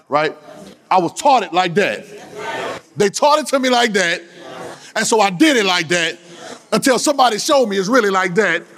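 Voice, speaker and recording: High-voiced preacher calling to his congregation. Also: fast. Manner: call-and-response, lively and joking with the congregation; breaks into shouts and sung phrases. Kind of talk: sermon.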